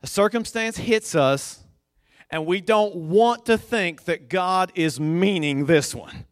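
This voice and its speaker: A man preaching a sermon, slow and deliberate, building to emphatic high points as he retells a scripture story. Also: lively intonation, no echo, clean studio sound.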